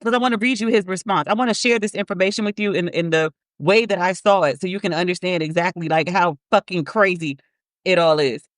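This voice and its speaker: A woman with a lowish voice hosts a podcast, speaking fairly quickly in blunt, profane casual commentary. She repeats words for emphasis and reads statements aloud, and the studio recording is clean and dry.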